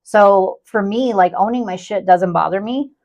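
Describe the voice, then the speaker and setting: A woman's voice: medium pitch, normal speed, a little mellow. A woman co-hosting a podcast in casual chat, candid and profane, often laughing as she talks. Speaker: podcast co-host.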